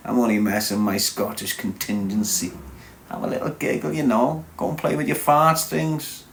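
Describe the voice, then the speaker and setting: A Scouse man in his forties talks on a live stream, brash and loud-mouthed. He swears freely and mocks his viewers with crude humor. His voice sits at an ordinary middle pitch for a man. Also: steady tone, moderate pace, vocal fry, a little hiss or hum. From Liverpool, England. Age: 40s.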